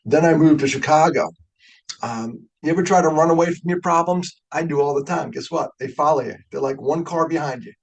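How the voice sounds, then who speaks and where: A man's voice: a little high, a little fast, gravelly, rough recording. A middle-aged man from New York giving a conversational webinar talk, joking and openly emotional as he goes. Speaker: guest speaker.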